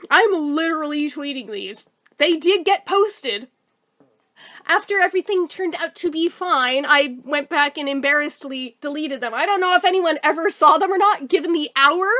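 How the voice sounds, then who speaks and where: High, bright-voiced woman telling a story. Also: expressive, normal speed. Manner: candid, swears freely, chatty. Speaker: YouTuber telling a personal story. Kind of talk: casual storytime narration.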